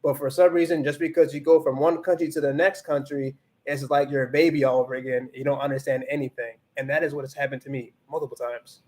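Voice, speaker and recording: A man's voice: medium pitch, fairly even intonation, fast talker, hardly any pauses, a little mellow. A man hosting a casual livestream, chatting loosely with many restarts, switching between English and Spanish as he reads the chat and laughs often. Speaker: livestream host.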